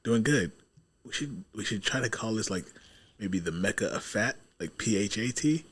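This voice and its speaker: A man's voice: fairly low pitch, lively intonation, moderate pace, a bit bright, slightly rough. A man co-hosting a casual podcast in a home studio, laid-back and dry, pushing back with facts when he disagrees. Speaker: podcast co-host.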